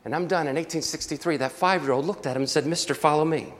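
A man's voice: a little high, fast, big-room sound. A man preaching a sermon to an auditorium, telling a story with dramatic flair and calling out for amens. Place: large auditorium.

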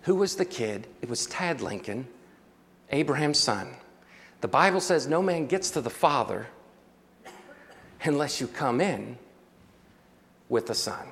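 A man's voice: medium pitch, animated, measured pace, long pauses, fairly bright tone, in a large hall. A man preaching a sermon to an auditorium, telling a story with dramatic flair and calling out for amens. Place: large auditorium.

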